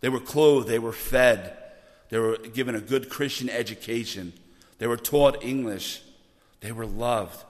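A man preaching a sermon, animated and often repeating words as he builds to loud emphasis. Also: mid-range voice, measured pace. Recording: long reverb of a church hall.

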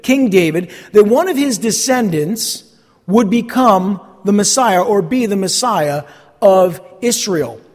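A man's voice: high voice, in a large hall. A man preaching a sermon with emphasis, repeating key phrases and putting questions to the congregation. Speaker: pastor.

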